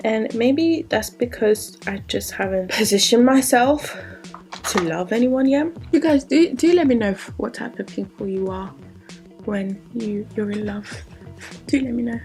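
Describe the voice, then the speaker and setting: A young woman in her twenties answers viewer questions in a candid, chatty way, with a fairly high voice. She wanders into asides as she goes, and faint music plays behind her. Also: lively intonation, normal speed, a little mellow. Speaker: vlogger. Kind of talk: casual Q&A vlog.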